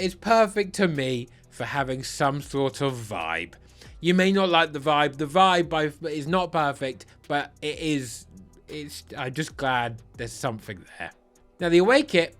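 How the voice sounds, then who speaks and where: Giddy, animated man ranking kits. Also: sits high. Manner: playful, giddy, self-mocking; restarts and stutters often. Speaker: football kit reviewer. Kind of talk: casual ranking commentary.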